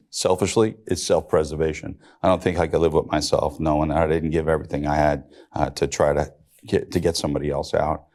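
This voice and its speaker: Very deep-voiced middle-aged man. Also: level tone, brisk, darkish tone. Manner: matter-of-fact storytelling with dry humor. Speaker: rescue police officer, panelist. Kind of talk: recounting a rescue on a panel.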